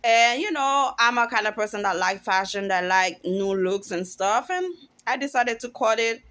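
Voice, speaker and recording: A woman's voice: mid-range voice, moderate pace, fairly bright tone. A woman in her forties giving an emphatic, outspoken opinion monologue to camera, often restarting her sentences as she goes. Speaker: vlogger.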